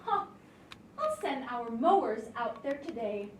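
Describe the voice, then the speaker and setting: A woman playing a headstrong, quarrelsome young daughter in a stage play, scolding and shouting back. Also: a little high, big pitch swings, measured pace. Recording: roomy, distant mic with faint noise.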